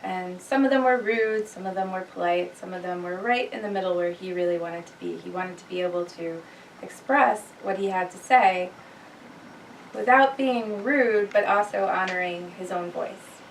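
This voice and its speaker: A woman narrates her part of a group story in an earnest, flowing manner. Her voice has a gravelly edge. The sound is roomy and distant from the mic. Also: on the low side, steady tone, normal speed, slight background noise.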